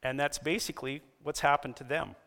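A man preaching a sermon, telling stories with animated delivery and raising his voice for quoted lines. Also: a little fast. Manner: animated storytelling, raises pitch for quoted lines. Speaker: pastor. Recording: long reverb of a church hall.

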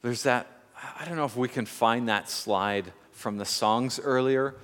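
A man preaching a sermon as pastor, reflective and measured, telling a story with pauses. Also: medium pitch, fairly bright tone, long reverb tail.

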